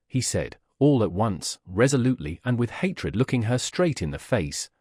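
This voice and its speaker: A male audiobook narrator reads a classic novel in a measured, steady way. His pitch moves widely through each sentence. The recording is dry and close to the mic. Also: no echo. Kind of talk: scripted narration.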